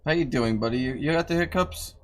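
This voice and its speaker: A man's voice: medium pitch, fast. Man casually chatting on stream. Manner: teasing his dog, then griping about tedious work, swearing casually. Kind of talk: casual live-stream chat.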